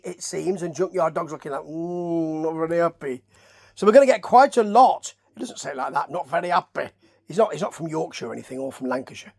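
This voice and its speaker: A man's voice: high voice, creaky. A man with a Nottingham English accent reviews old wrestling in a loose, chatty ramble. He wanders into asides and keeps tossing questions at the listener as he goes. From Nottingham, England. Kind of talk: casual rambling review commentary.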